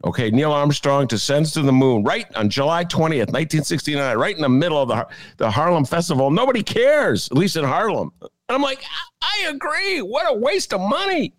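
A man's voice: fairly quick, dry recording. Middle-aged guy riffing on columns, voice bouncing all over, dry close sound. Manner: animated, jokey, jumps to high pitch for emphasis. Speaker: columnist hosting a media review segment. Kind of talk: casual commentary.

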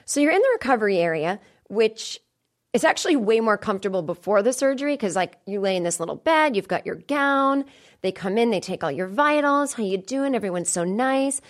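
A woman's voice: mid-range voice, a little fast. A woman in her thirties hosting a comedy podcast from a studio, chatting casually and acting out the voices of people in her stories. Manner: chatty, animated storyteller acting out quoted voices. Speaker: podcast host.

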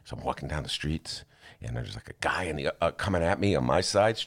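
Deep gravelly radio host. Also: male voice, brisk. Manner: animated storyteller, jumps into excited high-pitched asides. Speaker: talk show host. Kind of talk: casual comedic monologue.

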